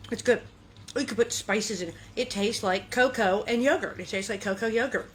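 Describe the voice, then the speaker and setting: A woman's voice: medium pitch, moderate pace, slight background noise. A woman hosting a casual cooking demonstration in a kitchen, chatty and playful, breaking into sing-song asides. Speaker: cooking show host.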